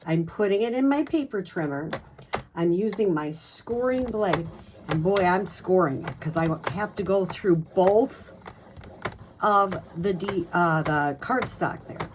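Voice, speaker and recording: A woman's voice: lowish voice, expressive, a little slow, background noise. A woman giving a casual craft tutorial as a demonstrator, chatty, with frequent ums and self-corrections.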